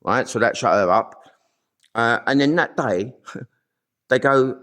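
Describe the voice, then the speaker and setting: A man's voice: medium pitch, slow pace, pauses often, a bit bright. A middle-aged man telling his own story in a blunt, sweary, rambling monologue full of fillers. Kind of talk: angry monologue to camera.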